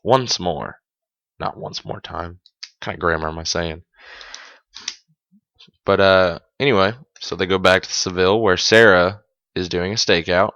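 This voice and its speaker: Low-voiced man recapping a show. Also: unhurried, pauses often, pushed and bright, no echo. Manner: chatty, amused, corrects himself mid-sentence. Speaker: podcast host. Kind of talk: casual episode recap. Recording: dull, dry lo-fi sound.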